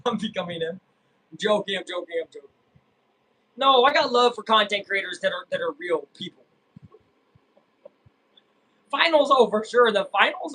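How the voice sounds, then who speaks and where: A young man casually chatting and reacting while streaming a live baseball game, rambling and breaking into excited yells. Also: high voice, low-quality recording. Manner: rambling, self-interrupting, bursts of excited yelling. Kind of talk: casual live game watch-along chat.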